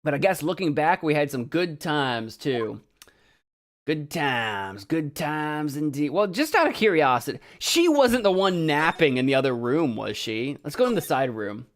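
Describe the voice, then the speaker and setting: A woman's voice: low voice, very animated, measured pace. A woman giving casual, self-mocking commentary while playing a game, chatty and laughing often. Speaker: let's play streamer.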